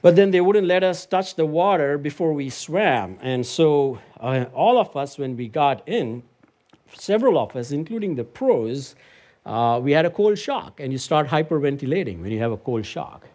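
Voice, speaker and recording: Male preacher, fairly high pitch, animated sermon delivery with personal storytelling. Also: normal speed. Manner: animated, climbs to emphatic heights when storytelling and preaching.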